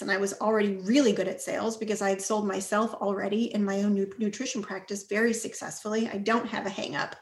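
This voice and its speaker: A woman's voice: medium pitch, level tone, brisk, hardly any pauses. Earnest woman guest, roomy echo. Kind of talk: casual storytelling.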